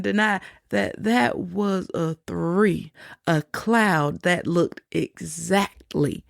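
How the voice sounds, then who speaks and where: A woman podcast host telling a personal faith testimony, slow and reflective, with soft laughs between thoughts. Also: on the low side, vocal fry, no room sound, clean studio sound.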